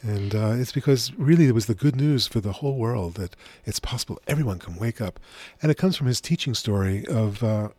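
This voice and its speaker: A middle-aged man as a radio interview guest, telling stories in a gentle, unhurried way. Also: lowish voice, lively intonation, no room sound. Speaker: author and spiritual teacher as guest. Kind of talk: relaxed radio interview storytelling.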